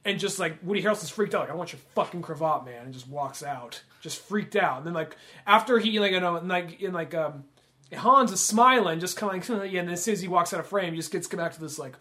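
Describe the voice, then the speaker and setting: A man with a high-pitched voice chats on a podcast about films, animatedly retelling scenes and jumping into the characters' lines. His delivery is loose and conversational, full of fillers and restarts. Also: fairly quick, bright, forceful tone. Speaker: podcast co-host. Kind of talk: casual film discussion.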